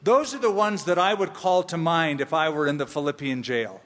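A man's voice: a little high, moderate pace, fairly bright tone. A man pastor preaching a sermon, emphatic and humorous, repeating key phrases for weight. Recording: long reverb of a large hall.

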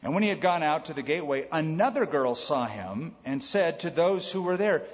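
A pastor with a slightly high voice preaches a sermon, talking to the room conversationally, slipping in quick quoted lines, and speaking expressively. The audio is somewhat dull, with the long reverb tail of a large church sanctuary.

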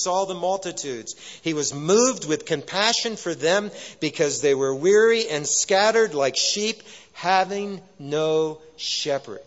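A man's voice: a little high, in a large hall, dull audio. A man preaching a sermon as a pastor, earnest and emphatic, repeating his key phrases.

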